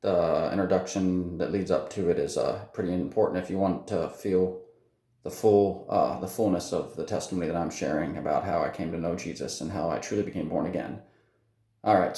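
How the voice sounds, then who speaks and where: A man with a low, mellow voice tells his personal faith testimony off the cuff. He speaks haltingly, full of fillers and restarts. The recording sounds echoey, as if made in a bare room.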